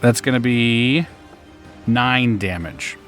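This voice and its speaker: A man playing a tabletop game, excitable and laughing often as he describes his character's moves. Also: mid-range voice, takes it slowly, faint music behind. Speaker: player. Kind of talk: casual tabletop game play.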